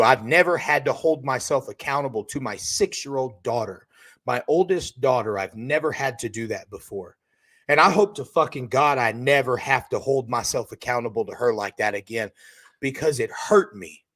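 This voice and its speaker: Man in his 30s, podcast host, profane, punchy, forceful tone. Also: medium pitch. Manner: loud, hyped and swearing, turning quiet and emotional. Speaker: podcast host and roofing company owner. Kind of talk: profane motivational podcast monologue.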